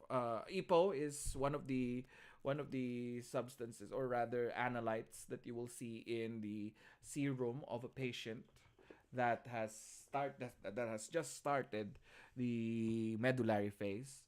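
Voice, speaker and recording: A man's voice: medium pitch, steady tone, slow pace, darkish tone, smooth. Filipino guy teaching a class online, jokey, teases students, mixes english and tagalog. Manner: teasing, switches between English and Tagalog. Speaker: lecturer.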